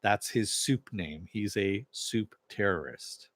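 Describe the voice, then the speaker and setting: Low-voiced man rambling through a recap. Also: takes it slowly, fairly bright tone. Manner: rambling retelling with many fillers and "he goes". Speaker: TV episode reviewer. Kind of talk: casual episode recap.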